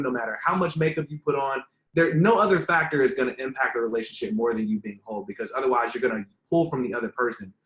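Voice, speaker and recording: A man's voice: mid-range voice, fairly bright tone. Earnest rambling man in a roomy room. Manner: earnest, rambling, many fillers. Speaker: relationship content creator, guest. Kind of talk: casual interview answers. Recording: roomy echo.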